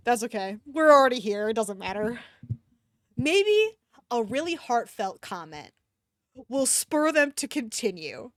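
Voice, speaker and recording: A woman streamer reads fanfiction aloud, breaking off into animated, cursing asides. Her fairly high voice swings widely in pitch, and the sound is dry and close to the mic. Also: measured pace, no room sound.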